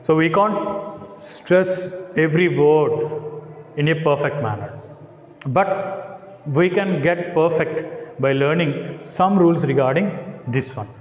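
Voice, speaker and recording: Slow-speaking Indian English male teacher. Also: a little high, a little mellow. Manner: slow, repeats words for drilling. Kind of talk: classroom lecture. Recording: echoey room with long reverb.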